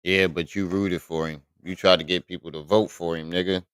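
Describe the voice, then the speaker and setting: A man's voice: sits low, little pitch movement, brisk, a bit bright, clear, resonant tone, dry recording. A man hosting a live stream, reacting bluntly and with exasperation, swearing often.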